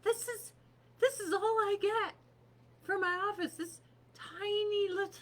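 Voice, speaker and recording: A woman's voice: extremely high pitch, steady tone, measured pace. A woman in her thirties chatting casually on a livestream from her home office desk, profane and sarcastic.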